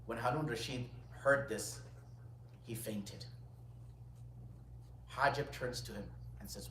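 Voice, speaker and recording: Animated male lecturer in an echoey room. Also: medium pitch, a little fast. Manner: lively retelling, quotes Arabic then translates. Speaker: religious teacher. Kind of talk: storytelling lecture. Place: indoor gathering room. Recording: echoey room, distant mic.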